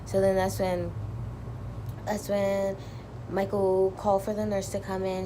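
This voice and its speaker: A woman's voice: mid-range voice, completely flat delivery, unhurried, noisy background. A young woman vlogger telling a personal story in a casual, chatty way, full of "like" and acted-out quotes. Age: young adult. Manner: chatty, lots of "like", acts out quotes.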